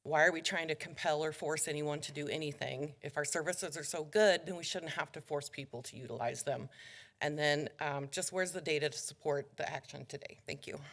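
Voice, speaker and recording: A woman's voice: deep voice, fairly quick, fairly bright tone. A woman resident giving public comment in a council chamber, out of breath and urgent, pressing pointed questions. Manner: urgent, questioning, somewhat jumbled.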